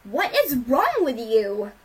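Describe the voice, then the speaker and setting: A woman voicing a brash, tomboyish young female pegasus pony who talks loud and blunt, in a homemade storybook reading. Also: high voice, moderate pace, breathy edge, recorded from a distance, rough recording. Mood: angry.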